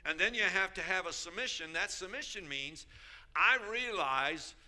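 A man's voice: high voice, fairly quick, sharp tone. A man preaching a sermon as a bishop, emphatic, repeating key phrases and calling out to the congregation.

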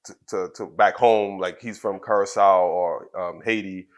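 A middle-aged man from Trinidad speaks as an interview guest with a fairly low voice. He tells personal stories candidly, stumbling over restarts and filling pauses as he goes. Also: fairly even intonation. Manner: candid, halting, many fillers and restarts. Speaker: guest, former wrestler. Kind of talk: casual interview storytelling.

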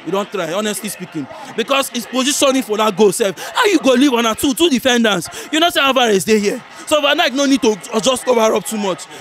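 A man with a Nigerian accent giving a heated football reaction, animated and argumentative, who keeps checking that his listener understands him. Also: very high voice, fast talker, hardly any pauses. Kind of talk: heated casual football debate. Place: viewing center.

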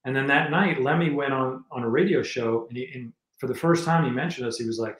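A man's voice: medium pitch, fairly quick, hardly any pauses, a bit bright. New man telling rambling stories, roomy. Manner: rambling anecdotes with many restarts. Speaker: guest musician and filmmaker. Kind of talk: casual storytelling interview.

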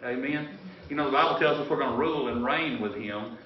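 A man serving as pastor delivers a sermon in a church sanctuary, folksy and meandering, often restarting his sentences. He speaks briskly at medium pitch with slight background noise, captured in a roomy, distant, dull recording.

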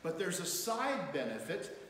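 A man's voice: high voice, very animated, unhurried, fairly bright tone. A man preaching a sermon as pastor, reading scripture aloud with rising emphasis. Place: church sanctuary. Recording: echoey church hall, faint room noise.

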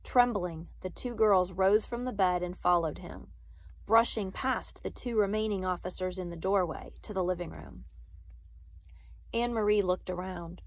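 A woman reading a novel aloud, careful and steady, with occasional small slips she corrects. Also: mid-range voice, normal speed, no echo. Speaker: reader.

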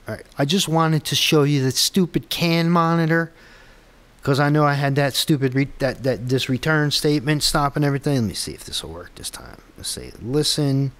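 This man's voice sits a little high and sounds fairly bright and clean, moving at a normal speed. He's a developer vlogging as he tests his own app on camera, muttering and rambling to himself with frustrated, self-deprecating asides while he debugs in a casual screen-recorded tech video.

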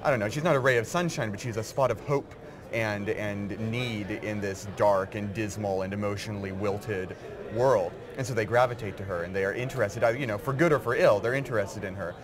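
A man who writes game material, talking in a casual interview with eager, quick bursts of explanation. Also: lowish voice. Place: busy game convention floor. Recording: loud crowd chatter behind.

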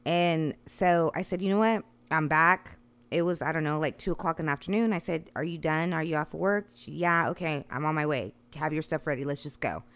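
A storyteller guest in her thirties, her voice low and a bit fast with few pauses, casually spins a long funny tale. She curses freely and laughs as she goes, sounding animated.

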